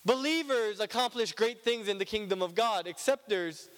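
A man's voice: sits high, moderate pace, a bit bright, big-room sound. A male pastor preaching a conversational, joking sermon in a church, often checking in with "right?".

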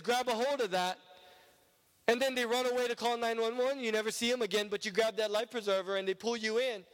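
A man delivering a sermon in a high voice that carries through a big reverberant hall. He preaches emphatically, swelling up and then sinking to a hushed low tone.

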